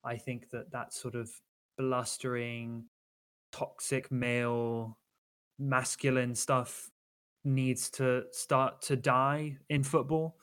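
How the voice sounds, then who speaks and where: A man's voice: medium pitch, little pitch movement, slow, a bit bright, smooth. Guy on a football podcast, earnest and critical, lots of ums and restarts. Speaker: podcast co-host. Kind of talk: casual football chat.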